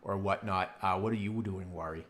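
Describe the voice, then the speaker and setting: A man runs a tabletop game over an online call, his voice sitting a little low. He narrates haltingly and often stops to search for words. He breaks off often to ask players for rolls. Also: fairly even intonation, fairly bright tone. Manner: halting, many fillers while describing scenes. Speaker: game master.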